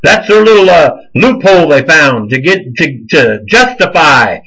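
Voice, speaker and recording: A man's voice: on the high side, very animated, measured pace, bright, forceful tone, husky, low-quality recording. A man hosting a show, delivering a heated, scolding, preacher-like rant of religious commentary. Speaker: show host. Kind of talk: fiery religious commentary monologue.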